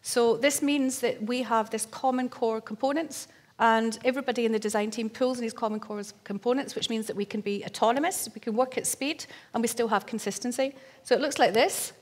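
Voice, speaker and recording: A woman's voice: on the high side, fairly quick. A woman speaking at a design conference, explaining her team's way of working with some fillers and a light pun. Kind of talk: conference talk. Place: conference stage.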